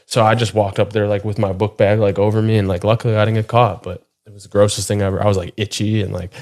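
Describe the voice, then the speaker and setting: A young man telling stories in a relaxed, casual podcast chat. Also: lowish voice, fast. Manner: laid-back storytelling with frequent likes. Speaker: podcast co-host.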